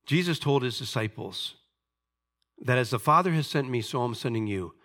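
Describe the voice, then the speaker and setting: Bright-voiced man preaching a sermon. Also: mid-range voice, expressive, moderate pace. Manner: earnest preaching, rising emphasis and dropping to soft asides. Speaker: pastor.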